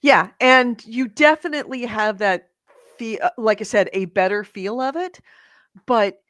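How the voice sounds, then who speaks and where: A woman co-hosting a casual gaming podcast over a call, animated and swearing freely as she tells stories. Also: fairly high pitch, a little slow, no echo. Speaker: podcast co-host. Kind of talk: casual chat. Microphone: remote call mic with echo cancellation.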